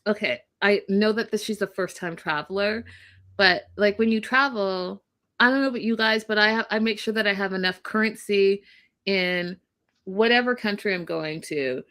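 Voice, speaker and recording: A woman co-hosting a casual show recap, telling the story in an animated way and laughing often. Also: mid-range voice. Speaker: co-host.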